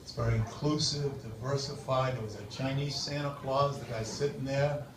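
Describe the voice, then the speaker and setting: A male stand-up comedian, brash and profane, swinging between muttering asides and shouted lines in a comedy club. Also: medium pitch, fairly even intonation, moderate pace, heavy background noise. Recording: distant echoey club recording with loud crowd.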